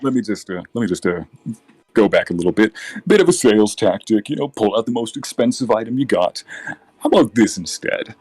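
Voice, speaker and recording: Low-voiced male game master. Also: fairly quick, breathy edge, dry recording. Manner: relaxed, with frequent filler and self-corrections. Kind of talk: narrating a tabletop game.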